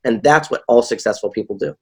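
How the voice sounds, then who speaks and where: Husky storytelling man, animated. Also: mid-range voice, fast. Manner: animated, acts out quoted dialogue. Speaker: author and keynote speaker, guest. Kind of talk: casual interview storytelling.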